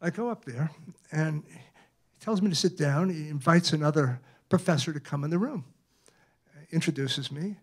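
Speaking in a library event room, an elderly Brooklyn-born author in his eighties shares anecdotes in a conversational way, often ending phrases with "right?" to check in with listeners. His voice is on the high side and slightly rough, at a moderate pace with frequent pauses.

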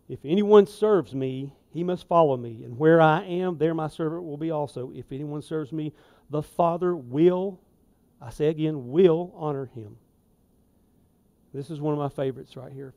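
A man preaching a sermon in a church, folksy and conversational, with emphatic asides and swings in loudness. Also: a little high, measured pace. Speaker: lay preacher. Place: church sanctuary.

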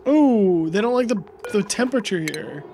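High-voiced man musing through a game. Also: lively intonation, normal speed, mellow, slight background noise. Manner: rambling, puzzled, asks himself questions aloud. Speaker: streamer. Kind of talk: live gameplay commentary.

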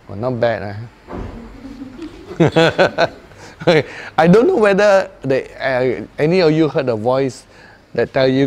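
A man's voice: mid-range voice, unhurried, pauses often. A man preaching informally to a small prayer group, telling stories with frequent chuckles. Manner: chuckles often, lively storytelling. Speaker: preacher leading a prayer meeting.

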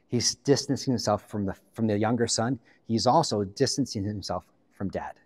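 A man from the Pacific Northwest, a guest pastor, preaching a sermon in an animated storytelling way, with joking asides. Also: lowish voice, moderate pace, slightly rough, in a large hall.

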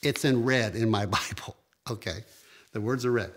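Emphatic preaching pastor, man. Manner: emphatic preaching with big pitch jumps and drawn-out phrases. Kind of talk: sermon.

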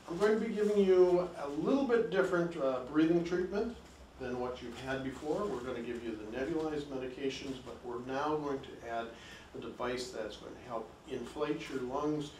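A man's voice: mid-range voice, moderate pace, a little mellow, roomy sound, distant mic, a little hiss or hum. A man working as a respiratory therapist, explaining a treatment and its equipment at the bedside in a patient, step-by-step way. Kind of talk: bedside instruction and demonstration.

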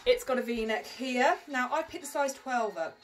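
A woman's voice: sits high, moderate pace, soft background music. A woman who runs a clothes shop, chatting through a dress try-on in a rambling, self-mocking way with lots of ums. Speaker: boutique owner. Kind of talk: casual fashion try-on vlog.

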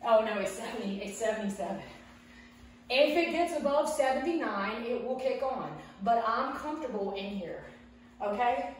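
Breathless from exercising, a woman fitness vlogger talks casually as she guides a workout at home, her slightly high voice animated and at a normal pace. The mic picks her up from a distance in a heavily echoing room.

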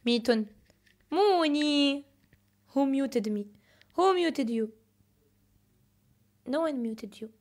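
High lively woman livestreamer, slow talk. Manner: playful, laughing, simple broken English. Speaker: livestream host. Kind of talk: casual livestream chat.

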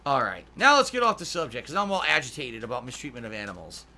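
Forceful, profane man streaming a game. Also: medium pitch, sing-song, fast talker. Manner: profane, ranting; emphatic, heated. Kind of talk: casual gameplay chat.

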